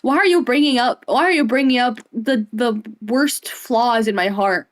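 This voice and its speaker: A woman's voice: on the high side, normal speed. A young woman streamer giving casual, playful gameplay commentary, giggling often and rambling.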